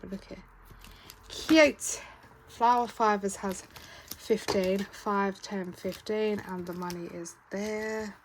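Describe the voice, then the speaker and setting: Speaking slowly and flatly in a mid-range voice, a British woman goes over her savings for a casual budgeting vlog, chatty, counting out loud, and now and then correcting herself. The recording is low quality, with clear background noise and the click of a keyboard.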